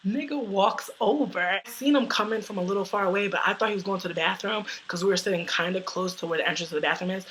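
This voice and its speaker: A young woman from the US tells a story casually, loud and brash, with plenty of swearing and laughs. Her voice sits at a middle pitch but sounds bright and forceful. A faint hiss sits under the recording. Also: quick pace, few pauses, low-quality recording. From United States.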